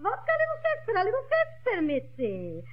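A brash, pushy shopkeeper lady in a 1940s radio comedy, all sales talk and mangled phrases. Her voice is very high and swings widely. It comes through a dull old broadcast recording. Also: sing-song, unhurried, full character voice. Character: pushy fast-talking female lingerie shopkeeper.

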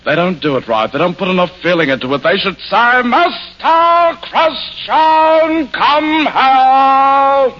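A man's voice: very high-pitched, very animated, slow pace, a little hiss or hum, pitched above the performer's own voice, heavily acted. A man impersonating a pompous male film actor with grand, haughty declaiming, on a dull old radio broadcast.

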